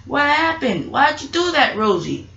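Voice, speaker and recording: A woman's voice: high-pitched, big pitch swings, unhurried, vocal fry, fairly bright tone, voice pushed up, heavily acted. A woman voicing a small, anxious male work engine who stammers and pleads, on a dull lo-fi recording with faint hiss. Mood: panicked.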